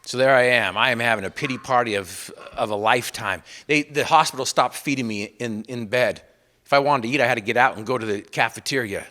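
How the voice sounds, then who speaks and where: A man giving a motivational speech to an audience, telling a personal story with repeated refrains and swinging from loud emphatic bursts to hushed lines. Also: medium pitch, fast talker. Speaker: motivational speaker.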